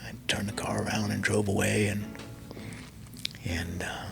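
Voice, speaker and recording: A middle-aged army veteran telling a long story as an interview guest, acting out the dialogue and dropping to a near whisper at emotional moments. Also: male voice, lowish voice, flat delivery, measured pace, creaky, over music.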